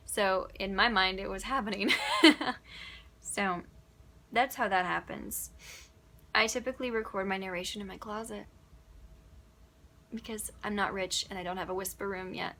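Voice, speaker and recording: Woman, audiobook narrator, from upstate New York, casual chatty answers, crisp bright tone, mid-range voice. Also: mid-range voice, normal speed, long pauses. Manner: chatty, animated, laughs often. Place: home closet used as a booth.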